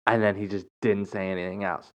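This podcast host has a lowish voice and a flat, brisk delivery as he tells a story. He rambles casually, with plenty of fillers, restarts and chuckles, all captured in a dull lo-fi recording.

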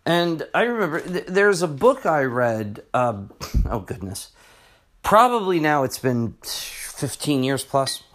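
A man's voice: a little high, very animated, slow pace, fairly bright tone. A middle-aged man, a teacher hosting his own podcast, talking in a rambling, chatty way full of restarts. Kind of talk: casual solo podcast monologue.

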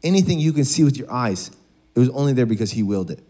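A man's voice: medium pitch, very animated, fast, mellow. A man preaching a sermon in a conversational, joking way, acting out bits of dialogue. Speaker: pastor.

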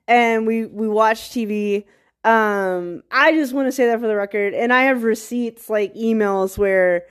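A woman from small-town Virginia with a Southern accent, talking to camera in a rambling casual monologue, full of fillers, restarts and quick laughs. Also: medium pitch. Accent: Southern American, rural Virginia. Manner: laughs often mid-sentence. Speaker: vlogger.

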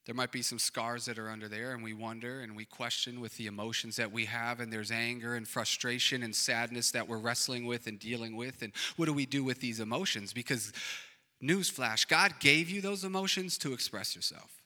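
A male pastor preaching a sermon, swinging between loud emphatic declarations and hushed, quiet passages. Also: medium pitch, steady tone, fairly quick. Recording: long reverb of a large hall.

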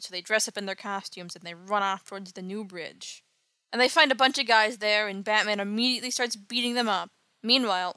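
Bright-voiced woman recapping a comic. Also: mid-range voice, no echo. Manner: wry, sarcastic asides. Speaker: podcast host.

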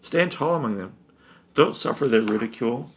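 A man's voice: expressive, moderate pace, slight background noise, natural voice, rough recording. A man doing a pleading young boy. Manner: pleading, raised pitch.

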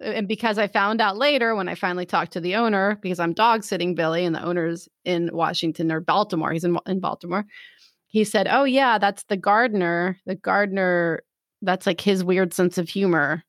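Animated woman telling a story. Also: lowish voice, fairly quick, no echo, studio quality. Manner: animated storytelling, acts out quotes. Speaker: storyteller in a chat. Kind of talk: casual chat.

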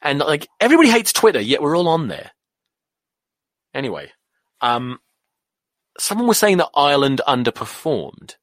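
An English man in his thirties hosting a podcast, ranting casually about rugby in an animated, sweary way that keeps wandering off on tangents. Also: fairly high pitch, normal speed, long pauses, no echo, clean studio sound. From England. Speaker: podcast host.

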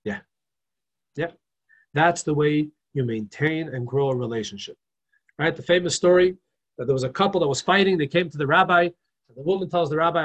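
A man teaching a religious class in a casual, animated way, full of rhetorical questions and stories. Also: fairly high pitch, fast, breathy edge, rough recording. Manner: animated storyteller, rhetorical questions, frequent restarts.

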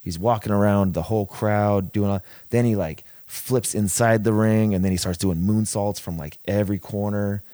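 Man, low voice, rambling profane storyteller, dry close mic. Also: steady tone, moderate pace, few pauses, dark tone, no room sound. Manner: rambling, profane, many restarts. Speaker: wrestler telling a story. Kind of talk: casual podcast storytelling.

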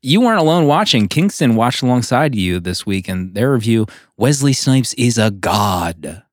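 A man co-hosting a film podcast, chatting casually in a teasing, playful way. His pitch swings widely as he talks. The sound is dry and close, with no room around it. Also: very animated, moderate pace, no room sound. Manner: playful, teasing, laughs often. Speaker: podcast co-host. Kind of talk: casual chat.

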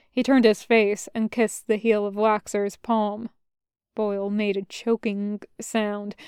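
A woman narrates a fan fiction story in a slow, measured way. Her voice is very clear and a little high, recorded close and dry with no room sound. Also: a little mellow, no echo. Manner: measured, unhurried reading. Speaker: podfic reader.

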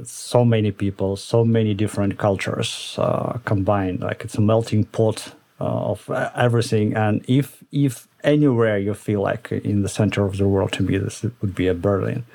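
A man hosting a casual tech podcast, friendly and quick to laugh, with many "uh" fillers. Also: on the low side, steady tone, gravelly, warm tone. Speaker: podcast host. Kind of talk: casual chat.

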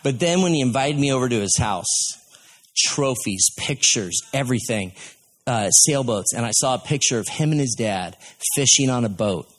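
A man's voice: medium pitch, lively intonation, moderate pace, a bit bright. A man preaching a sermon in a folksy, conversational way, telling stories to his congregation.

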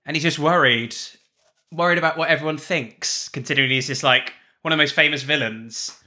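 Giggly playful podcast guy, bright voice. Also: a little high, a little fast. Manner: playful, giggly, sings bits. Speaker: podcast co-host. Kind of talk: casual book club chat.

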